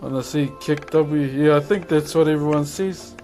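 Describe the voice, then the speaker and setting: A man with a New Zealand accent, a streamer casually chatting with viewers while woodcarving, laid-back and quick to laugh. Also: a little high, steady tone, warm tone, soft background music. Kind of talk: casual livestream chat answering viewers.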